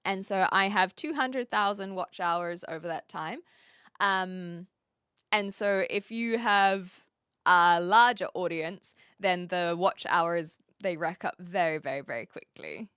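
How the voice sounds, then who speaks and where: A young woman from New Zealand with a New Zealand accent, chatting casually on a live stream, reading out chat and filling pauses with ums and quick laughs. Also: on the low side, pushed and bright, clear, resonant tone, no echo, clean studio sound. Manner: chatty, reads chat aloud, frequent fillers and quick laughs.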